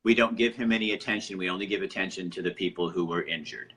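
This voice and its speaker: A man hosts a live-streamed interview over a video call. His voice sits low yet sounds bright and forceful. He talks bluntly and doesn't hesitate to scold the viewers typing in the chat. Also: fast talker. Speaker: host of a live online interview.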